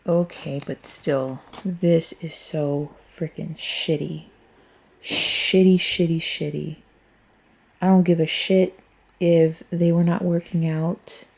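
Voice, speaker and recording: A woman talks through a casual tarot reading at an unhurried, drawn-out pace. Her voice sits a little low and has a mellow, dark tone. She rambles as she thinks aloud and speaks frankly, swearing freely. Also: steady tone, gravelly. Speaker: tarot reader.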